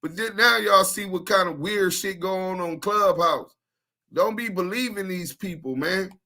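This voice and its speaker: A man's voice: sits high, measured pace, bright, forceful tone. A man co-hosting a podcast in casual chat, blunt and confrontational with a lot of street slang. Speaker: podcast co-host.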